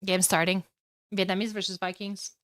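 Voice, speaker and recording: A young woman with a Romanian accent calls a strategy match live for her stream, chatty and easily excited. She bursts into loud exclamations and swears casually, recorded close and dry with no room sound. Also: medium pitch, moderate pace, dry recording. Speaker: streamer casting games. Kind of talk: live game commentary and chat reading.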